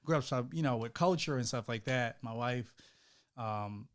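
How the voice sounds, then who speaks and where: A man in his thirties co-hosting a casual chat with his wife, animated, laughing often and acting out quotes in a raised voice, speaking. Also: mid-range voice, moderate pace. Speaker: co-host, husband.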